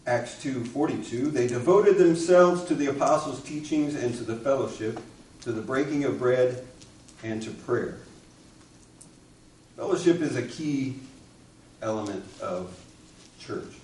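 A man's voice: medium pitch, unhurried, long pauses, a little mellow, slight background noise. A man preaching a sermon, telling a story and asking the congregation questions. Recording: echoey room, distant mic.

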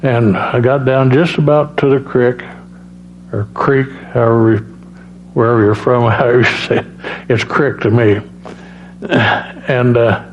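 A man giving a personal testimony as a preacher, halting, with many restarts and fillers. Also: medium pitch, a little mellow. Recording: dull lo-fi sound with faint hum.

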